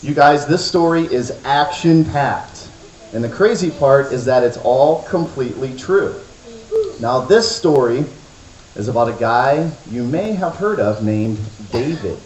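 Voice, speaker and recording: A man's voice: medium pitch, expressive, a little slow, darkish tone. A man teaching at a children's church, easygoing and friendly as he talks with the kids. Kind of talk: casual talk, then storytelling to kids. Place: church hall before a crowd of kids. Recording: echoey hall.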